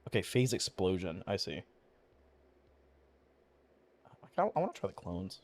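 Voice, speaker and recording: A deep-voiced man with vocal fry and big pitch swings speaks at a normal speed, leaving long pauses. Streaming a video game, he mumbles casual, rambling commentary full of swearing and fillers, and his voice cracks at times.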